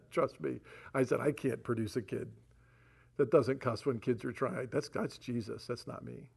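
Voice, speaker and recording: Gravelly-voiced man telling a sermon story. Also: mid-range voice, normal speed. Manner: folksy, chatty with frequent "right?" asides. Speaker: pastor.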